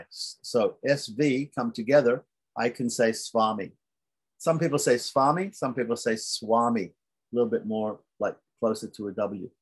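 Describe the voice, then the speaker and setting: A man teaches beginners how to pronounce Sanskrit letters. His voice is husky and sits at a middle pitch, and he patiently says each sound several times over so learners can catch it. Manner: patient, repeats sounds slowly for demonstration. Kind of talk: beginner language lesson.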